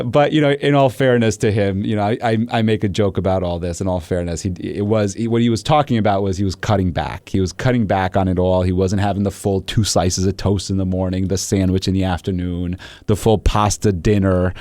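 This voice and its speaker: A man's voice: low voice, fairly quick, few pauses, no echo. A male podcast host, chatting casually and acting out funny stories with quoted dialogue. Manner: animated storyteller, acts out quoted dialogue. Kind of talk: casual storytelling chat.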